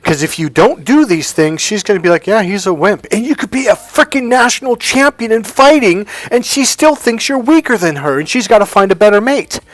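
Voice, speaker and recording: A man's voice: high voice, big pitch swings, a little fast, few pauses, no room sound. A man giving a dating coach's storytelling monologue, blunt, profane and emphatic, with faint music behind him.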